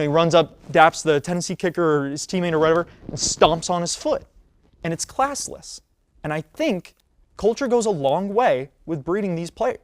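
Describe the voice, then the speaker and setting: A man in his twenties hosting a solo sports talk show, casual and animated, with frequent fillers and restarts. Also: high voice, no echo. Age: 20s. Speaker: podcast host; college student.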